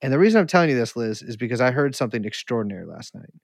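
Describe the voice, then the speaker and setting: A woman's voice: rumbling low, sing-song, rapid-fire, vocal fry, a little mellow, dry recording, studio quality. Rambling, foul-mouthed woman podcast host. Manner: profane, rambling, bursts into mock accents. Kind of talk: casual comedic chat.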